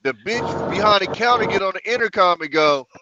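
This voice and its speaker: A man of forty swapping crude, animated anecdotes in a casual chat and acting out the people he quotes. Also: sits high, brisk, noisy background. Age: 40s. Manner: profane, animated anecdote-teller who acts out the people he quotes. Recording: lo-fi dry recording.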